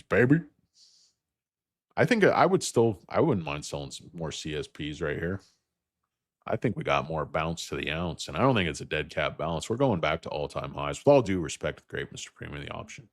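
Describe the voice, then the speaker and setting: A tired, hoarse-edged man in his fifties rambles through a livestream about stocks with a very deep, low voice. He jokes and drifts from tangent to tangent, recorded close and dry. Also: no echo. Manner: rambling, joking, tangent-prone. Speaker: host.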